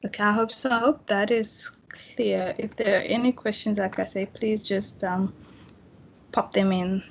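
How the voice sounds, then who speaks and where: A young woman leads an online tutorial, talking to her students in a relaxed, chatty way over a computer microphone. She often restarts her sentences and fills pauses with "um" and "right". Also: mid-range voice, creaky, lo-fi sound, slight background noise. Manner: casual, chatty, many fillers and restarts. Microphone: computer mic on video call.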